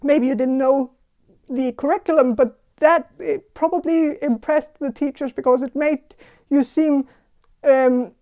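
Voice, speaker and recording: A woman giving a casual tarot reading, talking in a halting, hesitant way with many fillers and restarts. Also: sits high, mellow. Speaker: tarot reader.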